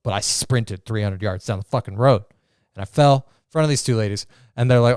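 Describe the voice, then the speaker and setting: A young man on a podcast, recorded close and dry with a smooth, clear voice. He tells a crude story in casual chat, swearing often and jumping into quoted voices. His pitch sits in the middle for a man. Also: a little fast, dry recording. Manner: storytelling, profane and animated, acts out quoted voices. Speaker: podcast co-host.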